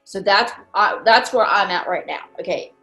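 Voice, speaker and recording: A woman's voice: medium pitch, moderate pace, pushed and bright. A woman from Maryland, a grieving mother, telling a personal story with many fillers and acted-out quotes. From Maryland, USA. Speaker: guest, bereaved mother. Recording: roomy echo, faint music.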